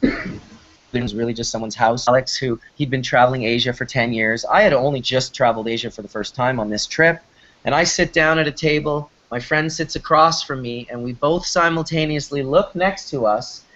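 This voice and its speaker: A man's voice: medium pitch, normal speed, fairly bright tone. A man hosting a casual talk show, telling stories in a rambling, enthusiastic way with frequent restarts. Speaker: host. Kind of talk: casual storytelling chat. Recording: slightly muffled lo-fi recording.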